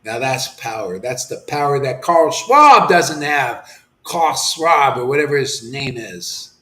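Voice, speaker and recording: A man preaching an impassioned sermon as a spiritual teacher, swinging from shouts to hushed near-whispers and dropping casual slang. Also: mid-range voice, lively intonation, unhurried. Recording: roomy echoey room.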